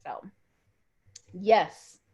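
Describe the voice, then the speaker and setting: Animated woman on a lo-fi call. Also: drawn-out words. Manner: animated, emotional storyteller. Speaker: podcast co-host. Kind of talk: casual chat.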